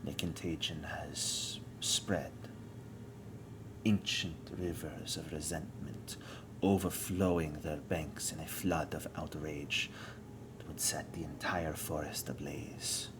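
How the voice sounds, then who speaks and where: A man voicing an ancient male forest spirit in a whispered role-play, with slow, solemn, villainous monologuing. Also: extremely low pitch, little pitch movement, noisy background. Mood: ominous.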